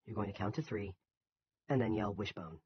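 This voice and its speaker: A man voicing a calm, polite male ex-army medic in an audiobook. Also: on the low side, slightly rough, dull audio. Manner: calm, measured.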